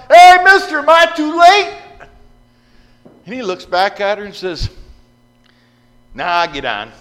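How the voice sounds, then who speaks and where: A man preaching a storytelling sermon into a microphone, animated and acting out the voices in his stories. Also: high voice. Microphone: microphone at a lectern. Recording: reverberant hall with faint hum.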